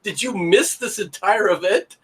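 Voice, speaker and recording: A man's voice: high-pitched, a little slow, slightly rough. A man in casual banter as a co-host on a livestream, sarcastic and joking, often slipping into bits.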